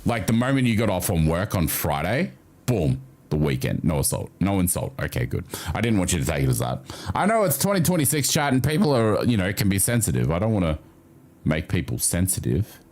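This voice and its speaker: A man hosting a livestream, chatting casually with his viewers and swearing freely. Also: brisk. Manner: animated, chatty, swears freely, jumps up in pitch. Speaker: livestream host. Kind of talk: casual chat with stream viewers.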